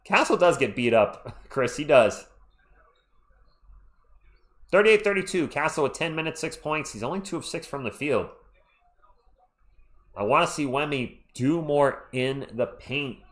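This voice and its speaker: A man's voice: on the high side, unhurried, long pauses. A man hosting a live play-by-play stream, calling the action as an open fan and greeting viewers in the chat. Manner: excitable, fan-biased, chatty with viewers. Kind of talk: live play-by-play commentary with chat shout-outs.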